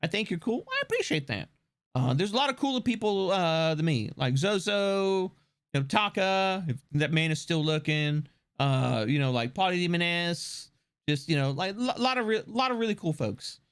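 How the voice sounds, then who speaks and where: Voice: mid-range voice, big pitch swings, moderate pace, clean tone. A live streamer chatting casually, swearing freely and restarting sentences often. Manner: rambling, swears freely, frequent restarts and fillers.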